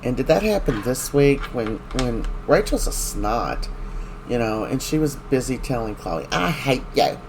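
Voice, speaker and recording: A man's voice: medium pitch, animated, a little slow, darkish tone, slight background noise. A man recapping a soap opera in casual chat, rambling and opinionated as he retells scenes.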